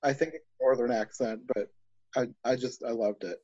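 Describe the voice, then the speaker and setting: A man's voice: mid-range voice, normal speed, mellow, no room sound. A man in casual chat, enthusiastic and rambling, thinking aloud as he talks. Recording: dull lo-fi dry sound.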